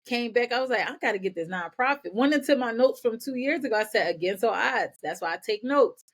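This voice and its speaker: A woman guest on a podcast, telling her own story in energetic bursts and often repeating words as she goes. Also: a little high, a little fast. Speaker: podcast guest, nonprofit founder. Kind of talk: candid personal storytelling.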